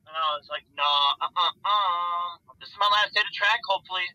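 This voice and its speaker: A young man in a band tells a rowdy tour story, swearing as he acts out each friend's lines. His voice sits high and very bright. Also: a little fast, dry recording, poor audio. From Central Wisconsin. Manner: animated, profane storyteller acting out voices. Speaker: band member. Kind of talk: casual storytelling chat.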